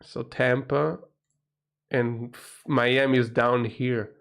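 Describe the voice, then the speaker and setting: A slow, creaky, mid-range male voice with little pitch movement carries this livestream chat. The host, a Portuguese-accented man from Portugal, rambles casually and profanely, often breaking into exclamations.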